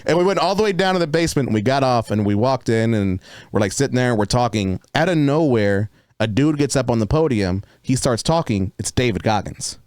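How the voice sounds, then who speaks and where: A man's voice: mid-range voice, lively intonation, fairly quick, a little mellow, no echo, clean studio sound. A man hosting a podcast in a casual, profane comedic chat. He laughs often and acts out his own story with quoted voices.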